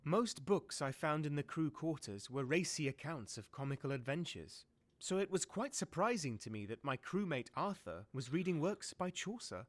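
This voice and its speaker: An actor narrating a game as a reflective ship passenger recalling his voyage in a calm, wistful way. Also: a little high, normal speed.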